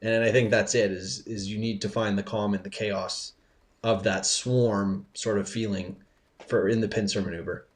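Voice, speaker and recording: A man's voice: fairly low pitch, steady tone, moderate pace. A man co-hosting a podcast, talking through ideas in a reflective, casual way and repeating words as he builds his point. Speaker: podcast co-host.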